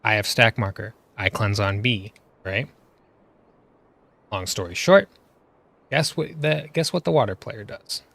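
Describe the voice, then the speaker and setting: A man's voice: fairly low pitch, unhurried, gravelly, pauses often, fairly bright tone, no room sound. A man giving exasperated, ranting commentary over gameplay footage, full of rhetorical questions. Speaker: gaming video creator.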